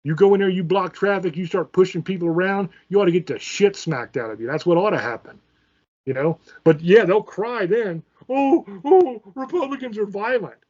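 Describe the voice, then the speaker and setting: Combative man ranting on his channel, cursing freely, slightly high voice, muffled lo-fi sound. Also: brisk, darkish tone. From Virginia, USA. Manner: angry, profane, combative. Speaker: channel host. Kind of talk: ranting political commentary.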